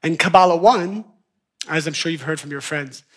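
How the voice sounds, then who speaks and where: A man with a high-pitched voice teaches an evening class. He is animated, dropping to quiet mutters and then rising to loud, excited bursts as he acts out everyday scenes. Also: moderate pace. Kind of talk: lively class lecture with acted-out examples.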